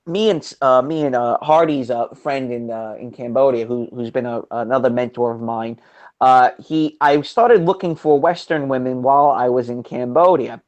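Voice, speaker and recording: A man's voice: medium pitch, a little mellow, highs cut off. A young man in a casual chat, telling blunt stories full of swearing. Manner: blunt, profane storytelling. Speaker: podcast co-host.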